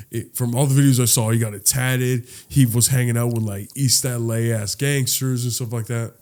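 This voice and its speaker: A man chatting on a casual podcast, his voice sitting at an ordinary middle pitch. He talks in an excitable way, swears freely and gets louder when worked up. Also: a little fast, hardly any pauses. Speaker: podcast co-host. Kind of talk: casual chat.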